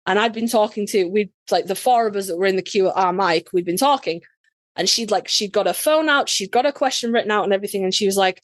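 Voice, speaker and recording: A British woman, a podcast guest, telling a story in casual chat, animated and swearing freely. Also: medium pitch, fast, no room sound. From United Kingdom.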